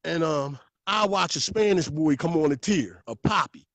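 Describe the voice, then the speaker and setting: A man with a somewhat high voice, talking as a guest on a podcast. He tells his stories in an animated, profane, street-talk manner. The recording is dry and close, with no room sound. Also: normal speed, no echo.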